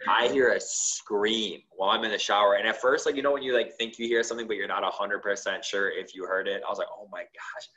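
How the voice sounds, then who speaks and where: A man's voice: fairly low pitch, fairly even intonation, fast talker, hardly any pauses, bright, forceful tone, rough recording. A man, a guest on a talk show, animatedly telling a story and acting out the dialogue, with plenty of "like". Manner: acts out quoted dialogue with lots of "like".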